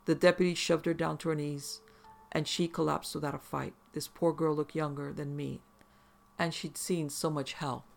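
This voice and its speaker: A man's voice: fairly high pitch, flat delivery, moderate pace, vocal fry. A man narrating a first-person horror story in an intense, profane, vivid way.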